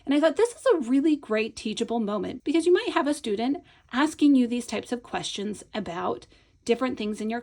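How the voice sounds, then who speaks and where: Woman, middle-aged, gravelly and slightly high, patient instructional delivery, stretches out sounds when modeling them. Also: a little mellow. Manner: patient, explanatory, frequent "right?" check-ins. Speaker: teacher trainer. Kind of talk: instructional video lesson.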